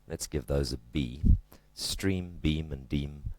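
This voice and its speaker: A man's voice: extremely low pitch, slow pace, a little mellow, no echo. A man teaching literature in a casual video lesson, chatty and joking, leaning hard on stressed words.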